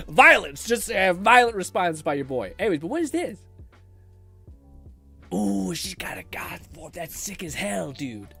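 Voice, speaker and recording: A man streaming a casual reaction video, blunt and animated, swearing and laughing often. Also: sits high, a little slow, vocal fry, breathy edge, soft background music. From Canada.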